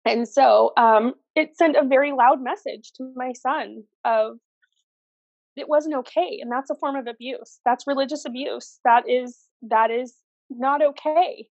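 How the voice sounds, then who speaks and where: A woman's voice: sits high, unhurried, gravelly, darkish tone, no echo, dull audio. A middle-aged woman telling her personal story as a podcast guest, earnest and emphatic, repeating phrases for stress.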